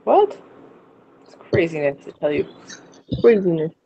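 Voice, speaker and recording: A young adult student chatting casually in a study group on a call, joking and quick to laugh. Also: medium pitch, very animated, creaky. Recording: dull audio with faint noise.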